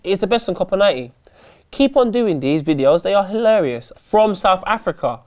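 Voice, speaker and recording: A man's voice: sits high, very animated, a little fast. A young man co-hosting a casual football chat show in a studio, with dry, laid-back banter. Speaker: co-host. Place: studio in London.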